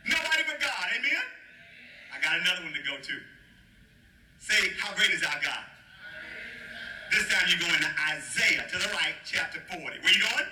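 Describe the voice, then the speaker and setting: A man preaching a sermon as pastor, animated and playful, calling out to the congregation for responses. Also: sits high, normal speed, pauses often. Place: church. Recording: echoey room, faint noise.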